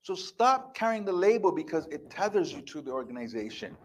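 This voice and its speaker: A man in his fifties speaking on stage as a life coach, with a slightly high voice. He delivers an emphatic, repetitive motivational speech in a defiant tone. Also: big pitch swings, a little fast. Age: 50s. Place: stage before a live audience.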